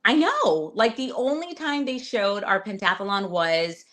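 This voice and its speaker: Animated woman telling a story. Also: mid-range voice, unhurried. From Latina. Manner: animated, swearing, acts out quotes loudly. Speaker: reality show contestant guest. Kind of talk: casual interview storytelling.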